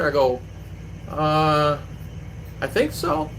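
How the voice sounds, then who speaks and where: A man's voice: fairly high pitch, moderate pace, low-quality recording. A man telling a story in casual vlog style, acting out the voices of the people in it, recorded outdoors with faint traffic behind him. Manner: animated, mimics voices when retelling exchanges. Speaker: vlogger. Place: outdoors, riding an e-bike.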